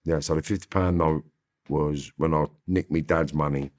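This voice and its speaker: A man with a very deep voice, telling blunt, slangy stories about his past as an interview guest. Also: steady tone, normal speed. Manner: blunt, swears freely, slangy. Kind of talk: casual storytelling.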